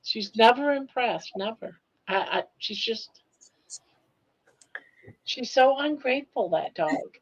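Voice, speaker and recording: An older woman chatting on a live stream and cooing over her dog in baby talk. She speaks slowly and sits a little high in pitch. The stream audio is dull and lo-fi. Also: animated. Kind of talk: casual live stream chat.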